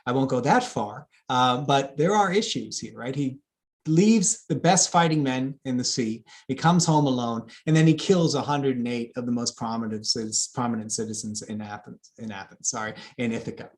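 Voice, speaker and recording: A man giving a lively public lecture on epic poetry, with fillers and asides to the audience. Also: medium pitch, moderate pace. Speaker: classics lecturer.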